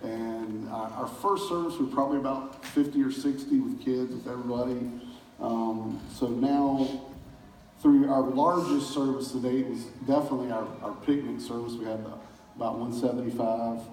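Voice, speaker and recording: A pastor giving a casual church talk, telling folksy stories with chuckles in a community center hall. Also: male voice, mid-range voice, steady tone, normal speed, a little mellow, a little hiss or hum. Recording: roomy hall from far off.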